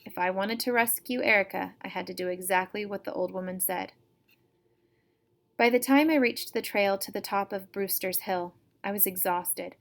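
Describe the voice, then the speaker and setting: A woman reading a chapter book aloud to her students, telling a first-person story in a steady, even way. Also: mid-range voice, normal speed.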